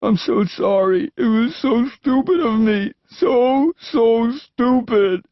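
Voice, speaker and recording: A man's voice: fairly even intonation, unhurried, dry recording, dull audio. Man doing a sobbing terrified teen boy. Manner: high, crying, breaking voice.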